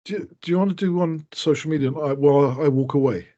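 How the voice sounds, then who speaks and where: A man's voice: on the high side, fast, warm tone, dull audio. A man co-hosting a casual podcast, trading dry, teasing banter. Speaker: podcast co-host. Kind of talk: casual chat.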